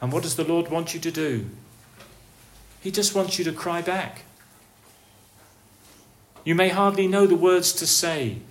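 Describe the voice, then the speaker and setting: A man delivers a sermon in an unhurried, deliberate cadence, his voice sitting a little high for a man. He peppers the congregation with rhetorical questions, dropping to a near hush and then rising to a call. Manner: slow, earnest preaching with rhetorical questions; swings from soft, hushed lines to raised, calling ones. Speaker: preacher.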